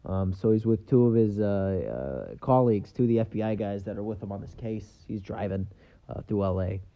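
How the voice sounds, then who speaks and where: A man's voice: fairly low pitch, moderate pace, lo-fi sound. A man hosting his own podcast, talking in a loose, rambling way with lots of fillers and an offhand tone. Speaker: podcast host. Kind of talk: casual solo podcast monologue.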